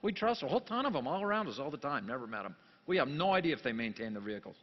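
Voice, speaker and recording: A man's voice: mid-range voice, sing-song, racing. Man preaching in a long church echo. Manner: jokey, swings from quiet asides to loud emphatic bursts. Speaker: pastor. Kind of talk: sermon. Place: church sanctuary. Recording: long church reverb, dull lo-fi sound.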